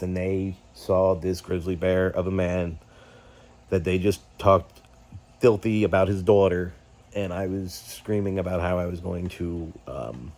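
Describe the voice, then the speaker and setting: A middle-aged man talks straight to his vlog audience with a somewhat low voice. He is agitated and profane, halting with fillers as he vents. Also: darkish tone. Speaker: YouTube host. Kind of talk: candid personal vlog rant.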